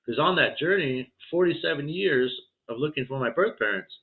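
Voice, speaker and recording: Middle-aged male guest, animated storyteller who acts out quotes, sound squeezed like a phone call. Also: on the high side, moderate pace. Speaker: podcast guest, healer. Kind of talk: storytelling in a casual interview. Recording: tinny phone-like line.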